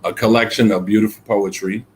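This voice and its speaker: A man's voice: lowish voice, steady tone, a little fast, slight background noise. A man being interviewed as a guest poet, telling his story earnestly and reflectively, with many fillers and repeated words.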